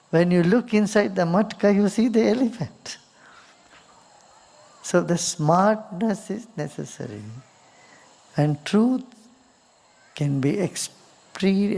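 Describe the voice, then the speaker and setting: This Indian-accented spiritual teacher speaks softly and slowly, sharing stories and occasionally lowering his voice to near-whispers. His pitch is high, with noticeable vocal fry.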